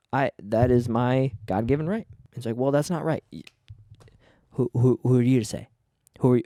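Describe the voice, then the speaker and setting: A man's voice: mid-range voice, mellow, no echo, clean studio sound. A man hosting his own podcast, ranting casually with lots of swearing and stumbling restarts. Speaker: podcast host. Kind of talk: casual solo podcast rant.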